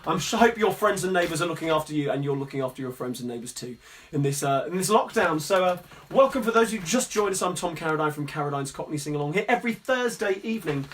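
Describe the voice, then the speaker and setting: A man's voice: a little high, animated, fast talker, fairly bright tone. A man hosting a live-streamed sing-along from his music room at home, chatting in a friendly, rambling way between songs. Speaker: sing-along host and performer. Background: guitar playing.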